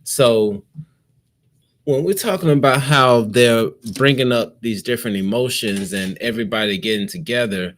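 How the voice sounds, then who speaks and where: A man co-hosting a casual talk show, reading passages aloud in a measured way and commenting on them. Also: mid-range voice. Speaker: podcast co-host.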